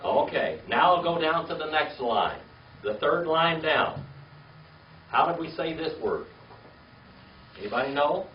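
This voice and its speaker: A man's voice: animated, measured pace, long pauses. An older man teaching a Hebrew class, spelling words letter by letter and coaxing students with frequent "okay?" checks. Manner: patient, coaxing, checks in with "okay?" and "all right?". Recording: roomy, distant, dull low-fi with faint hiss.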